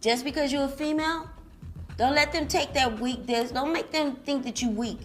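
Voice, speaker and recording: Young woman, reality contestant; blunt, gossipy, slangy delivery, slightly high-pitched. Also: moderate pace, a little hiss or hum. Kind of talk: confessional interview.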